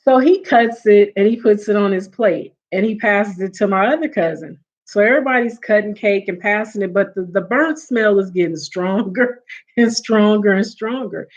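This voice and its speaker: A woman's voice: mid-range voice, normal speed. A woman casually telling a funny family story to her live viewers, laughing often and acting out what her relatives said. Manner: animated, laughs often, acts out quoted relatives. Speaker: livestream host. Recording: dull lo-fi audio.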